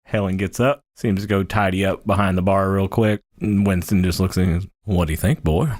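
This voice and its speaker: A man's voice: deep voice, flat delivery, a little fast, a little mellow, no room sound, studio quality. A man narrating as game master in a casual tabletop game podcast.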